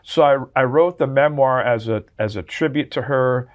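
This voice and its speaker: Interviewed as a guest, a drummer and memoir author in his sixties shares heartfelt stories, earnest and full of restarts. He speaks at normal speed with a medium-pitched voice.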